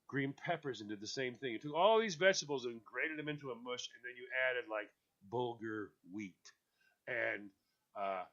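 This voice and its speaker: A man hosts a casual radio talk show, jokey and animated, breaking into funny voices to act out quotes. His voice sits mid-pitched, and the sound is dull and lo-fi. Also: normal speed.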